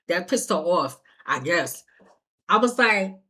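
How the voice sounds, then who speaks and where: A woman telling a story straight to her viewers, acting out the other voices, swinging from low mutters to loud outbursts and laughing as she goes. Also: expressive, normal speed. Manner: laughs while telling, addresses viewers directly. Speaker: storyteller vlogger. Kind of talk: animated storytime vlog.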